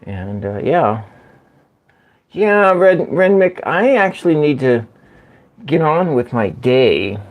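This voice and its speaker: A man hosting a casual livestream from home, chatting slowly and rambling as he answers viewer comments. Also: on the high side, very animated. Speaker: livestream host. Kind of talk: casual live-stream chat with viewers. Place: at home by a window.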